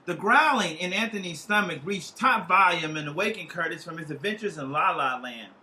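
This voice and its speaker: A man performing a comic short story aloud, playful and lively, tossing in profanity with relish. His voice is strikingly bright and sits high for a man. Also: a little fast, rough recording. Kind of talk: humorous literary reading.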